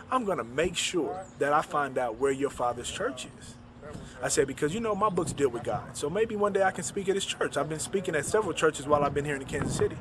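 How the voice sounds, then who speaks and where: A man, an author, recounting a personal story and retelling the dialogue in quick back-and-forth. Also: on the high side.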